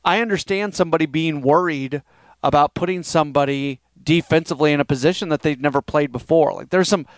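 A man hosts a solo sports podcast in a loose, rambling, conversational way. His voice sits high and comes through smooth and clear. The sound is dry and close to the mic. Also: a little fast, dry recording. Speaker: podcast host.

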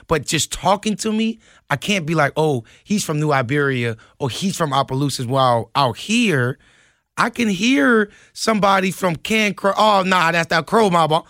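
A man's voice: on the high side, fairly bright tone, no echo, clean studio sound. A man from New Orleans co-hosting a casual sports talk show, arguing his point with frequent restarts. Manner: stammering, argumentative. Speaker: co-host.

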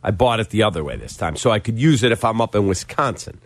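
A man's voice: lowish voice, lively intonation, fast, no echo. A man hosting sports radio, telling a customer-service story with wry exasperation and quoting the people in it. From Chicago. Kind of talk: casual radio banter and storytelling.

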